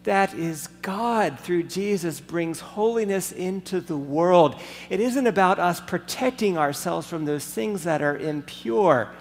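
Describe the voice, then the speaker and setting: A man preaching a sermon, emphatic and deliberate, telling a story to make his point. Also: high-pitched, animated. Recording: long hall reverb, faint background noise.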